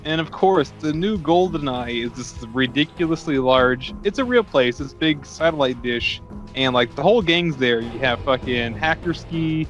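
A man's voice: fairly high pitch, lively intonation, moderate pace, lo-fi sound, faint music behind. A man casually recapping a movie on a podcast, crude and jokey, putting on silly voices now and then. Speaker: podcast co-host.

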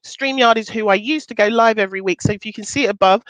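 A woman's voice: fast talker, no room sound, poor audio. A woman in her thirties, a business coach hosting a casual weekly livestream, talking chattily and upbeat to her viewers. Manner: chatty and upbeat, swoops up in pitch for emphasis.

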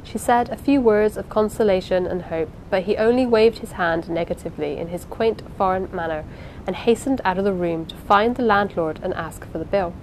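A woman reading a classic novel aloud in a measured, expressive way, pausing now and then. Her voice sits at an ordinary middle pitch, with a faint low hum behind her. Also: low-quality recording. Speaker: audiobook reader. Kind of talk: unhurried amateur audiobook narration.

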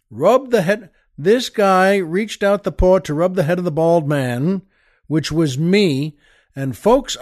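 A middle-aged man hosting a show, telling a comic story in a wry, exasperated way. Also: high voice. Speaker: podcast host.

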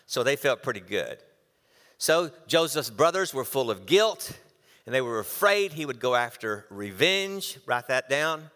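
A pastor preaching a sermon, animated as he reads scripture and acts out the quotes. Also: mid-range voice, a little slow, big-room sound. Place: church.

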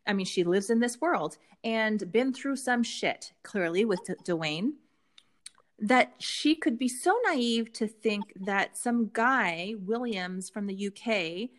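A woman's voice: mid-range voice, expressive, slow pace. A woman co-hosting a podcast, chatting casually and laying out her theories with frequent fillers. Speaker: podcast co-host. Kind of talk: casual chat recapping a reality show.

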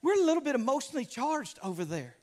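A man from Louisiana with a Southern US accent, preaching a sermon as a pastor through animated, humorous storytelling with acted-out voices. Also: very high voice, fast talker.

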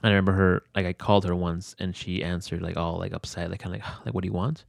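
Flat in delivery and quick in pace, a young man with a very low, deep voice and vocal fry shares a personal story in an interview. It's candid and loosely rambling, full of fillers and casual swearing. The recording is close and dry, with no echo.

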